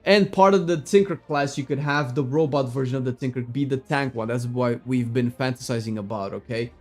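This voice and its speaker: A man chatting casually as a gaming streamer, rambling and excitable, swearing loosely and breaking into sudden shouts. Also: medium pitch, fairly quick, faint music behind.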